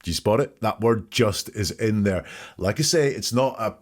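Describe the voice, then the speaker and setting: A man's voice: lowish voice, expressive, moderate pace. A man hosting a podcast, methodically picking apart the wording in another person's statements. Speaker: podcast host. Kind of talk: analytical commentary.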